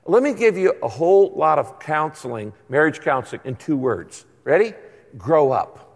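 A man in his sixties delivers a sermon in a relaxed, joking storyteller's manner. His voice sits a little high for a man. The sound carries the long reverb of a large church hall. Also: moderate pace. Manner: conversational, humorous storytelling preacher. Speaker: pastor.

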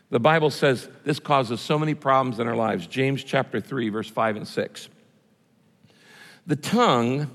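A man's voice: medium pitch, gravelly, a bit bright. A man preaching a sermon to a congregation in a church, talking in a conversational way and putting questions to his listeners. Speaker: pastor. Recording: reverberant hall.

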